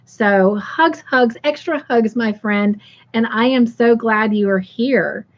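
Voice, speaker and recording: A woman's voice: a little high, slow pace, highs cut off. A woman hosting a casual livestream, chatting affectionately with viewers and reading out their comments. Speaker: livestream host.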